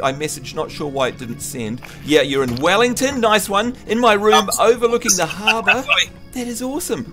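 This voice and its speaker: Lively upbeat male game streamer. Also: high-pitched. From New Zealand. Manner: chatty, upbeat, teasing friends. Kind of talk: casual live-stream chat.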